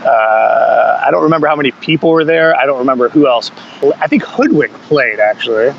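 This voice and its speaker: A man with a middle-pitched voice tells rambling stories about his punk band, swearing freely and chuckling as he goes. The audio sounds dull and lo-fi, with a faint hum of air conditioning underneath. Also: fairly quick, creaky. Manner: loose, rambling storytelling with frequent swearing and chuckles. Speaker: podcast guest, singer in a punk band. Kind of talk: casual conversational interview.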